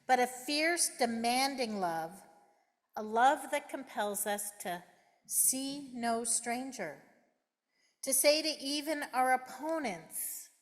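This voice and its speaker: Woman minister, middle-aged, unhurried sermon delivery, fairly high voice, long church reverb. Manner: measured, emphatic preaching with deliberate pauses. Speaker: guest minister. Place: church sanctuary. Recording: reverberant sanctuary sound.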